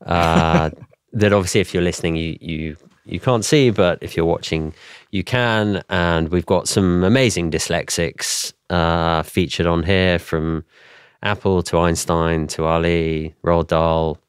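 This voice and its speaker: A man hosting a podcast interview, earnest and gently emotional. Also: low voice, measured pace, clean tone, no echo, studio quality. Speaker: podcast host.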